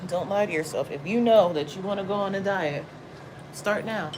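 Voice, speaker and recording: A woman in the middle of her range talks loosely and bluntly to her viewers, swearing freely and slipping into excited asides. A clear, steady hiss of noise runs under her voice the whole time. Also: medium pitch, moderate pace. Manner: blunt, profane, chatty, laughs and exclaims often. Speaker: tarot reader livestream host. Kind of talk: casual spiritual talk to viewers.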